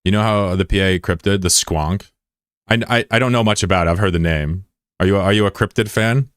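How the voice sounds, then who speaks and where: Low-voiced joking streamer man. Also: fairly quick, fairly bright tone, clean tone, no echo, studio quality. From United States. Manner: joking, profane, rambling asides. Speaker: live streamer. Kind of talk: casual chat, reading out viewer comments.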